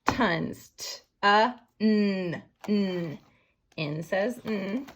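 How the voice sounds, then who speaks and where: Woman, young adult, teacher, phonics lesson for kids, sounds out words letter by letter, slow. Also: medium pitch.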